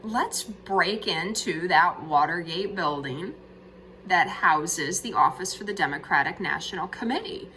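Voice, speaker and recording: A woman's voice: lowish voice, lively intonation, a little slow, sharp tone, a little hiss or hum, poor audio. A woman voicing a plotting male political adviser who makes a bold, conspiratorial suggestion.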